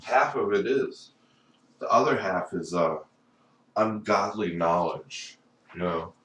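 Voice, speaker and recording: Low-voiced man rambling in an echoey room. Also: slow pace, fairly bright tone. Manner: rambling, profane, repeats "you know". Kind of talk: rambling solo monologue. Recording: echoey room, voice far from mic, faint background noise.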